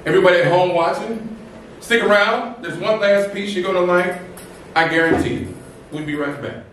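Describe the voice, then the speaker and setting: A man hosting a storytelling event, chatting and telling a personal anecdote in an animated way, laughing often and acting out the people he quotes. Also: sits high, moderate pace. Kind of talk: casual closing remarks and personal anecdote. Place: event hall with live audience. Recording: echoey hall from far off, faint noise.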